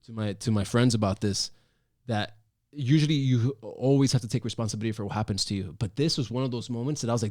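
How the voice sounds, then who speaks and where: A podcast host in his thirties, running his own talk show, speaks fast at a medium pitch. He tells a personal story in casual chat, animated and emphatic, with many restarts.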